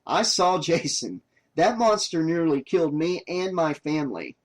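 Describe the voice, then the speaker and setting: A man voicing a bitter survivor of a killer, talking gruffly and curtly. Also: a little high, big pitch swings, unhurried. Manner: gruff, curt, angry.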